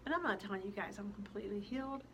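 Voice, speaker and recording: A woman's voice: medium pitch, rapid-fire, fairly bright tone, slight background noise. A woman in her sixties, an author, giving an earnest, heartfelt motivational talk straight to her viewers. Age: 60s. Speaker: author and speaker.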